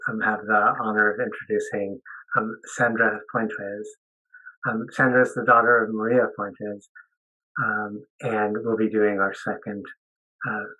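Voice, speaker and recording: A man's voice: fairly low pitch, bright, forceful tone, lo-fi sound. A man hosting a memorial ceremony, thanking and introducing speakers with many hesitant ums. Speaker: ceremony host.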